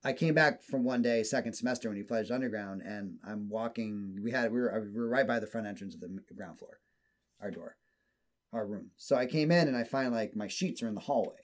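A man's voice: fairly low pitch, fairly quick. A man telling a long story in a casual chat, swearing freely and acting out what people said. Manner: profane, animated storyteller who acts out quotes.

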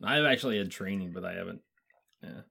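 A man's voice: low-pitched, fast talker, gravelly, bright, forceful tone, husky. A man co-hosting a casual chat, curious, repeating words as he asks questions. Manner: curious, stammering, laughs easily. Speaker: podcast co-host.

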